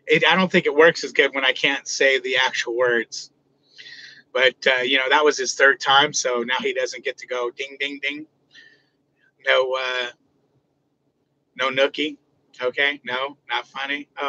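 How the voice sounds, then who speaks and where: A man's voice: mid-range voice, level tone, measured pace, sharp tone, lo-fi sound. Joking man chatting live from his truck. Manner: loose, joking, talks back to chat. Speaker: livestream host. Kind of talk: casual live chat.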